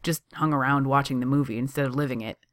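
A reader voicing an excitable young man who works as a barista, eager and teasing as he talks. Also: mid-range voice, quick pace, no echo, studio quality, natural voice. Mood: playful. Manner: eager and teasing, laughing easily.

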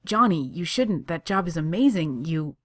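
A sarcastic, swearing young man blurts out his feelings in loud, breathless bursts, put on by a woman reading the story. The voice sits low for a woman, and the character pushes it a little higher and harder whenever he gets worked up. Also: lively intonation, moderate pace. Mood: protesting.

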